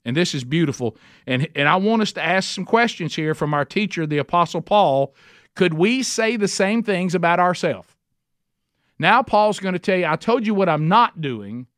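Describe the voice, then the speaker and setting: A man's voice: high-pitched, normal speed, fairly bright tone, no echo, clean studio sound. A man teaching a men's Bible study, emphatic and conversational, often restarting his sentences.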